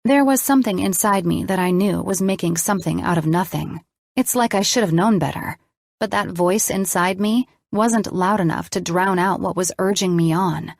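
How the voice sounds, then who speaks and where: A woman narrating a romance novel in the first person, steady and measured. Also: lowish voice, vocal fry, no room sound, clean studio sound. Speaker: audiobook narrator.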